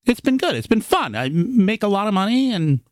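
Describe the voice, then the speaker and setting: As a guest on a podcast interview, this man, a real estate investor who moved to the US as a child, gives practical, forceful explanations and voices his own thoughts aloud. He sounds high and sing-song, speaking briskly, in a dry, clean studio recording.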